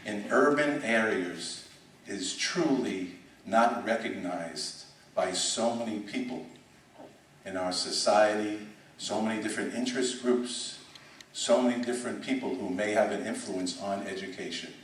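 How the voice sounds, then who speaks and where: A man's voice: lowish voice, a little slow, slight background noise. A middle-aged man from the United States, a school superintendent giving an emphatic conference speech with repeats and restarts, in a conference room. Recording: echoey hall, speaker far from mic.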